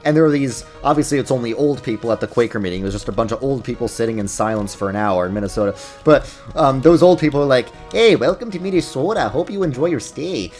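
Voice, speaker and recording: A man's voice: medium pitch, fast, few pauses, a little mellow, faint music behind. A young man with a New York accent, hosting a casual video with rambling, self-deprecating commentary. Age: young adult. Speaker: YouTuber host. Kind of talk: casual commentary over gameplay.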